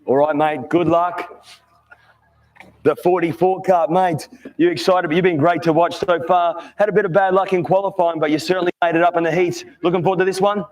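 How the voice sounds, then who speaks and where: Aussie guy on a kart grid, high voice, chatty and upbeat, calls everyone mate. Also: fairly even intonation, a little fast, darkish tone. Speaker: grid announcer. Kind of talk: trackside grid interviews. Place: outdoor kart track grid at night.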